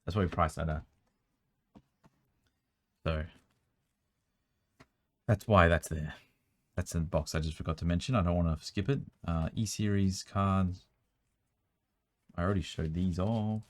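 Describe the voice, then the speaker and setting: A young man with a strained, worn-out voice, chatting quickly as he sorts through a card collection at home, with bursts of excitement. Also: low-pitched. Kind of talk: casual running commentary while sorting cards. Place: room at home.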